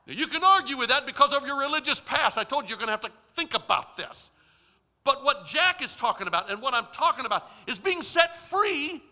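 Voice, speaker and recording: A man preaching a storytelling sermon, emphatic, with dramatic swings between soft and loud. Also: extremely high pitch. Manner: emphatic, dramatic shifts in loudness. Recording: long reverb of a large hall.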